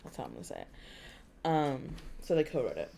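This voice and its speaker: Woman, book podcast co-host; casual, giggly, teasing, with an extremely animated voice. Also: rumbling low, a little fast, vocal fry, a little hiss or hum. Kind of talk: casual chat.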